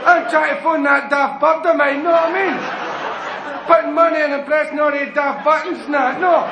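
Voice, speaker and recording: A man with a Glasgow accent putting on an agitated young Glasgow man shouting into a payphone. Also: very high-pitched, steady tone, moderate pace, dull audio, background noise, pitched above the performer's own voice. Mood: exasperated yelling. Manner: shouting, exasperated, rough. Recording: live hall with crowd laughter.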